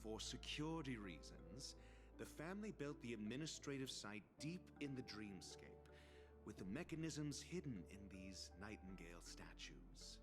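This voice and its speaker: A man's voice: medium pitch, sing-song, normal speed, natural voice. An actor playing a haughty, scornful male scholar doctor in a video game, speaking in a cold, lecturing, condescending way. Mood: explaining. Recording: game audio with background music.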